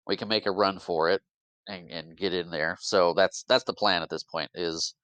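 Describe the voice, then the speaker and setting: A man on a podcast giving an animated, casual recap of a movie plot, jumping into quick character voices between fillers and restarts. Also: low-pitched, no echo. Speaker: podcast co-host.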